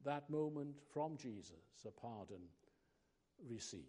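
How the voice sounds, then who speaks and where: A man preaching a sermon, slow and emphatic, pausing between phrases. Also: mid-range voice, expressive, warm tone.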